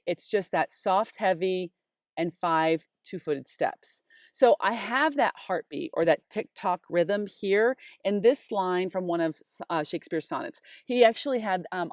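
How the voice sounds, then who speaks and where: A woman in her forties, a high school English teacher, giving a casual online lesson in a chatty, upbeat way and talking straight to the viewer. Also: darkish tone, no room sound, clean studio sound.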